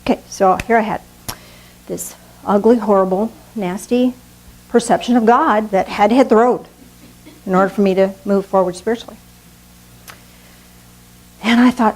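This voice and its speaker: A woman preaching a sermon, slow and earnest, with dramatic pauses. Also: mid-range voice, a little mellow, rough recording. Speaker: pastor.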